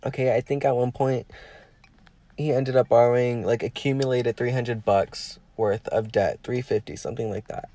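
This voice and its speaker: A man's voice: medium pitch, steady tone, moderate pace, warm tone. A man hosting a podcast, talking frankly in a casual, rambling way with lots of swearing. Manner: frank and heavily profane; rambling with many fillers. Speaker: podcast host.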